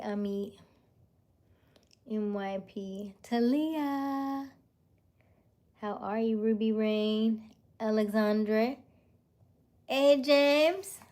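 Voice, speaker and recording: Female livestream host, unhurried, chatty, greets viewers by name, frequent laughs and soft asides. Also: medium pitch. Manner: talks while eating dinner; laughs often, drifts into soft half-whispers. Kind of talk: casual livestream chat.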